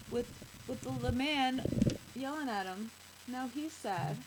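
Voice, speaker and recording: Gentle woman reading a picture book. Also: on the high side, expressive, a little slow, pauses often, slight background noise, rough recording. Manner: gentle, chatty, asks kids questions. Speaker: children's show host.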